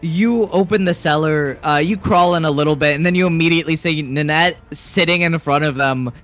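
A man's voice: a little high, fairly quick, a bit bright, soft background music. A man narrating a tabletop game as game master, often breaking into laughter.

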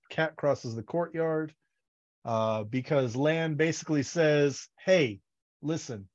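A man's voice: on the high side, a little mellow, muffled recording. A man co-hosting a podcast, chatting casually about a book series and acting out characters' lines in funny voices. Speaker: podcast co-host.

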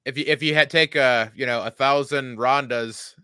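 A man's voice: mid-range voice, steady tone, normal speed, bright, forceful tone, clear, resonant tone, dry recording, clean studio sound. A man co-hosting a casual podcast, cracking crude jokes. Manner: crude, wisecracking. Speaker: podcast co-host.

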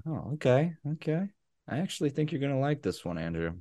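A man's voice: medium pitch, big pitch swings, a little fast, warm tone. A man hosting a casual guessing game for friends, teasing the players and moving the game along. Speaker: game host.

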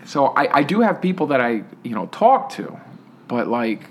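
Guy cohosting a podcast, chatty, lots of restarts, mid pitch, bit of noise behind. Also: sing-song. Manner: storytelling, halting restarts. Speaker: podcast co-host. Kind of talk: casual chat.

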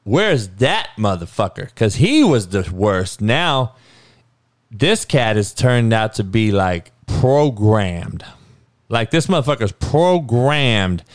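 A man's voice: medium pitch, sing-song, slow pace, smooth, dry recording, clean studio sound. A man hosting his own podcast, ranting heatedly and profanely in a solo commentary. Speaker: podcast host.

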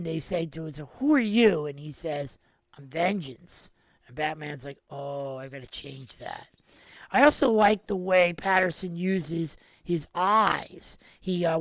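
A man's voice: on the high side, fairly bright tone, no echo. Enthusiastic man reviewing a film. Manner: enthusiastic, retells scenes at length. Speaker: podcast host. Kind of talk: casual film review monologue.

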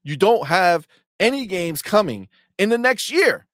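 Animated, trash-talking male stream co-host. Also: sits high, unhurried, no room sound. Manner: reads viewer chat aloud. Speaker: co-host of a gaming talk stream. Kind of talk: casual livestream banter.

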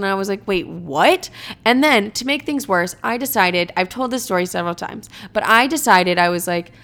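A young woman in her twenties tells personal stories in a casual vlog. Her voice is bright and forceful, and she swears freely while acting out what she and others said with lots of drama. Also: medium pitch, a little fast. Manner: animated, profane, dramatic storytelling. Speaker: storyteller.

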